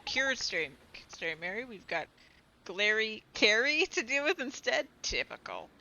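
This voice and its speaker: A woman's voice: a little high, very animated, moderate pace, sharp tone, a little hiss or hum, full character voice, poor audio. A woman doing a brash little fairy guy. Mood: blunt. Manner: blunt and slangy. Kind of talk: voice acting a video game. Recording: clear music behind.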